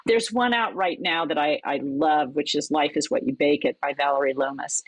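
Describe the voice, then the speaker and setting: A woman with a low, husky voice speaks as a podcast guest, explaining cookbook writing in a lively, animated way. The sound is dry and close. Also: no room sound, poor audio. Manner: animated, lively storyteller with laughs. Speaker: guest, cookbook teacher and author. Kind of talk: conversational interview.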